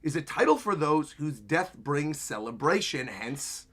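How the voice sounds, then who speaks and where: A man reading aloud as a battered old pirate who lectures a younger fighter in a gruff, drawn-out way. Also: fairly high pitch, very animated, fairly bright tone, exaggerated voice. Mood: stern.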